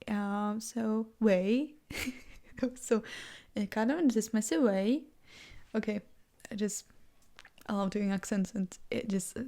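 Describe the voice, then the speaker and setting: Woman, vlogger, casual thinking-out-loud chat, rambling, lots of fillers, playful asides, medium pitch. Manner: rambling, heavy use of "like", frequent restarts; playful, self-amused asides.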